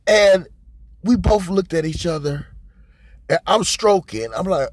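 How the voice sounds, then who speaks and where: A man hosting a podcast, telling a crude comic story in a profane, rambling, bragging way and getting louder and higher as it builds. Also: expressive, moderate pace, breathy edge, dry recording. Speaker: podcast host.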